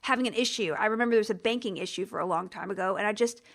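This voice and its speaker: A middle-aged woman hosting a podcast, telling a long story in casual chat, animated and exasperated, acting out phone calls in quoted voices. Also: medium pitch, racing. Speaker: podcast host.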